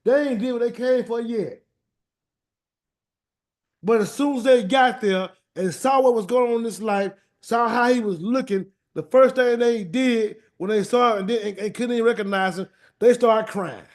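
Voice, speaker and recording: A man leading a weekly scripture word study and prayer, animated and colloquial, often repeating words as he searches for them. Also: extremely high pitch, moderate pace. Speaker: Bible study teacher. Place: meeting room streamed live.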